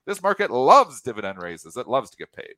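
Animated man in casual trading chat. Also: medium pitch, a little fast, dry recording. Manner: animated, talks in trader jargon. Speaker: co-host of a market show.

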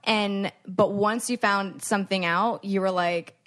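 A woman's voice: mid-range voice, fairly even intonation, a little slow, fairly bright tone. A woman guest in a casual chat, talking as a supportive and teasing best friend.

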